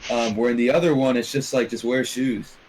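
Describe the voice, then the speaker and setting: A man's voice: medium pitch, fairly even intonation, a little fast, darkish tone. A man in casual chat over a card game, arguing in a crude, joking way. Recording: noisy background.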